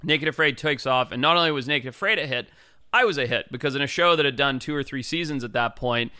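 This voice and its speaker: A man's voice: mid-range voice, fast talker, pushed and bright, smooth, dry recording, studio quality. A man from Africa, a wildlife biologist, telling stories as a podcast guest in a laid-back way, swearing and acting out quotes. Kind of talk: casual storytelling chat.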